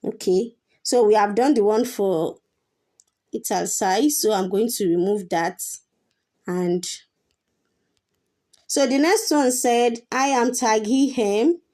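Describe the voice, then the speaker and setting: Woman teaching html, kinda high voice, slow and patient, lots of ums. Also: warm tone. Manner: patient, explains step by step with fillers and repetition. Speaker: coding teacher. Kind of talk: screen-share coding tutorial.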